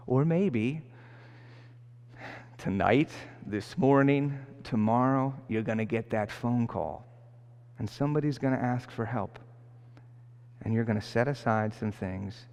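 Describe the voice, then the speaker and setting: A male priest telling a story in a homily, with an animated storytelling manner and frequent restarts. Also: medium pitch, unhurried. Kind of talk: sermon. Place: church. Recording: long church reverb.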